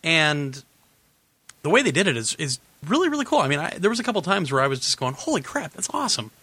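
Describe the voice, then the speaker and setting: A man hosting a gaming podcast in casual chat, rambling and correcting himself, laughing often, a little hoarse. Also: fairly high pitch, very animated, quick pace, bright, forceful tone, no echo. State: losing his voice. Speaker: podcast host.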